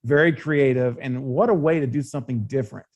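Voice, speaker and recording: A man appearing as a podcast guest in a casual film discussion, telling stories in an animated, drawn-out way. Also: mid-range voice, lo-fi sound.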